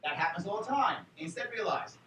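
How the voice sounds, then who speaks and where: New man, high bright voice, joking convention speaker, miked from afar in an echoey hall. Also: fairly quick. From New York City. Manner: animated, joking, fires rhetorical questions at the crowd. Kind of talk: political convention speech. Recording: echoey hall, far from the mic, faint noise.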